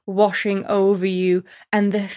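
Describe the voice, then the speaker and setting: A woman's voice: mid-range voice, little pitch movement, unhurried, mellow. A woman in a casual chat, talking enthusiastically and acting out quotes in different voices.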